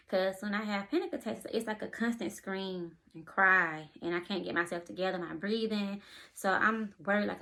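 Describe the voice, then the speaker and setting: A woman telling a personal story in a casual vlog. She is out of breath, animated, and keeps acting out the conversations she is retelling. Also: mid-range voice, a little fast. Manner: breathless and animated, often retelling scenes in quotes. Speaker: vlogger and expecting mother.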